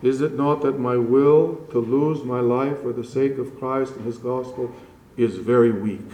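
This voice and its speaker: A man preaching a sermon to his congregation in slow, measured phrases, rising strongly on key words and dropping to a hush. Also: medium pitch, fairly even intonation, echoey room, slight background noise, poor audio. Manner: slow, measured preaching with dramatic rises and hushed drops. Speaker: pastor.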